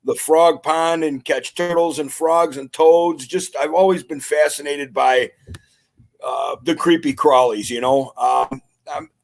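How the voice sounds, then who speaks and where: A man's voice: a little high, measured pace, vocal fry. A man being interviewed on a podcast, humble and rambling as he tells his story in casual chat, with plenty of fillers. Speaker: podcast guest.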